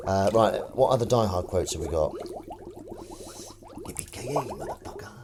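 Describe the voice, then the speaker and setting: Deep-voiced man streaming. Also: a little fast, background noise. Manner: rambling, jokey, self-mocking. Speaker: live streamer. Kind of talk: casual live-stream chat.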